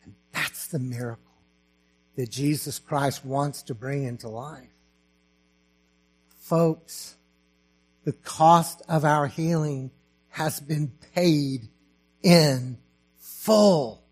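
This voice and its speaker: A man preaching a sermon as pastor, slow and emphatic, rising to fervent preaching. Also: on the high side, steady tone.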